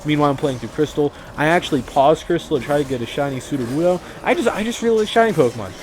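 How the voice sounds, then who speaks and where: A young man giving casual, rambling commentary over a game, animated and full of swearing. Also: on the high side, rapid-fire, slight background noise. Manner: rambling, profane, animated storytelling. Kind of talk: casual let's-play commentary.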